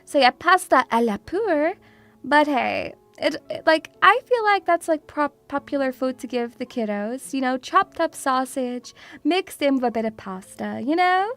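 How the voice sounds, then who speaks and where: A woman's voice: high voice, expressive, measured pace, a bit bright, faint music behind. A woman from Russia chatting casually as a VTuber streamer, teasing and playful, calling her viewers sweetie. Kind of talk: casual chat.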